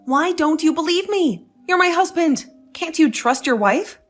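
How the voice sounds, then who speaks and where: A woman's voice: very high voice, lively intonation, a little slow, faint music behind. A woman voicing a young wife who stands her ground, talking in an indignant, sarcastic way. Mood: indignant, defiant. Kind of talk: dramatized story dialogue.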